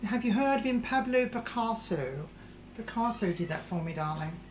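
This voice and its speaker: A grand, vain English lady, played by a woman cooks for a live comedy show and calls everyone darling in a plummy put-on accent. Her voice sits at a middling pitch. It rings through an echoey kitchen with a faint hum behind it. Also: lively intonation, normal speed, darkish tone, lightly acted. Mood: boastful. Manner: theatrical, calls people darling. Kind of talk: live-streamed comedy cooking show in character. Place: home kitchen.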